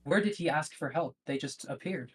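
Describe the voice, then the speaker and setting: A man's voice: a little high, normal speed, husky. A man calling into a live-streamed debate, answering in short, matter-of-fact replies. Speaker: debate caller.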